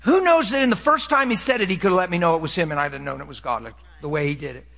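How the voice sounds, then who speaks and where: A middle-aged man preaching a personal testimony, swinging between hushed, quiet passages and excited, impassioned bursts. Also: on the high side, very fast, creaky, in a large hall. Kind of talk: sermon testimony.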